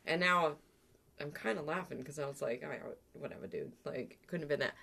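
A woman's voice: sits low, brisk, gravelly, a little hiss or hum. A woman, co-hosting a casual chat and telling stories with lots of laughter. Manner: laughing, animated anecdote-telling with quoted voices. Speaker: podcast co-host.

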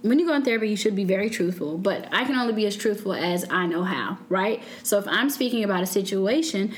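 A woman co-hosting a relaxed group podcast, her pitch sitting in an ordinary middle range. She talks earnestly and rambles, filling her sentences with "like" and "you know". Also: quick pace. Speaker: podcast co-host. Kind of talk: casual group podcast chat.

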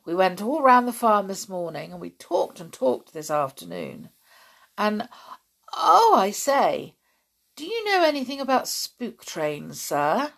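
A woman voicing an excited schoolboy who longs for an adventure, eager and hearty. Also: lowish voice, unhurried, exaggerated voice.

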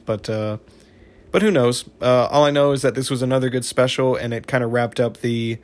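Man, casual episode reviewer, mid-pitch, halting and rambling, restarts a lot. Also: fairly even intonation. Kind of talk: casual spoken episode recap.

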